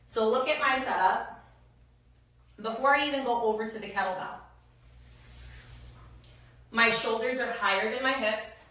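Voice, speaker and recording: A woman's voice: on the high side, a little slow, pauses often, bright, forceful tone, reverberant, poor audio. A woman strength coach giving upbeat, casual instructions with slang and countdowns for kettlebell lifts.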